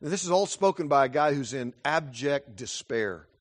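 A middle-aged male pastor delivering a sermon in a church, with a voice of ordinary medium pitch. He tells stories earnestly, dropping to a hush and then rising to emphatic passages. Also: lively intonation, moderate pace. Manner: earnest, storytelling, swings from hushed to emphatic.

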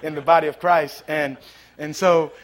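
A pastor delivers a sermon in a notably high voice, talking it through like a story with plenty of "you know" asides. He often swells into loud, repeated, punchy lines to drive his point home. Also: fairly even intonation, moderate pace. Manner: conversational preaching, rising to loud emphatic passages.

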